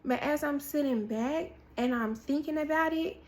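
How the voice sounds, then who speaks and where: A woman preaching a prophetic word in sermon style. She tells an animated story, acts out what people said, and repeats key phrases for emphasis. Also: sits high, moderate pace. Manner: animated storytelling with acted-out quotes, repetition for emphasis.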